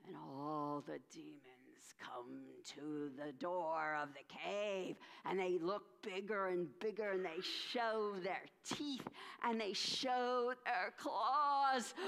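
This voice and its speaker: A woman minister telling a story during a church service, animated, with dramatic pauses and acted voices. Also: mid-range voice, gravelly. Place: church sanctuary. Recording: reverberant church sanctuary.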